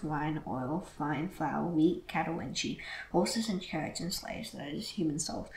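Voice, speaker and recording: Gravelly voice reading scripture in an echoey room. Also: medium pitch. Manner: steady, measured reading with occasional restarts. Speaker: Bible reader. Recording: echoey room with faint noise.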